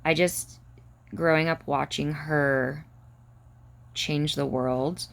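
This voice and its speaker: Woman vlogging, lowish voice, kinda choked up, lots of ums and restarts. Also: steady tone, creaky. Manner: halting, emotional, many fillers and restarts. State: near tears. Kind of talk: casual to-camera vlog.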